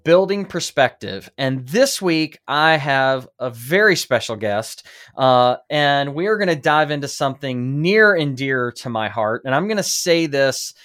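A man's voice: medium pitch, animated, a little slow, fairly bright tone. A man hosting a podcast, talking in an upbeat, enthusiastic way as he interviews a guest. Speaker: podcast host.

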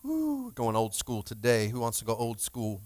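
A man's voice: mid-range voice, normal speed. A man, the lead pastor, joking playfully with his congregation while opening a church service. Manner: playful, jokey, energetic crowd banter.

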